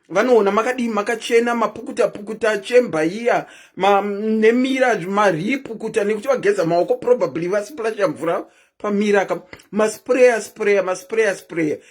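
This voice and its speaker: A woman hosting a live stream, chatting casually and keeps asking her viewers questions. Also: mid-range voice.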